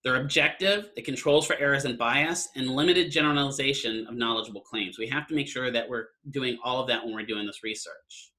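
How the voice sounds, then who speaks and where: A man's voice: mid-range voice, brisk, hardly any pauses, bright, forceful tone. A man lecturing an online class in a casual, conversational way, often checking in with "right?". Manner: conversational, keeps asking "right?".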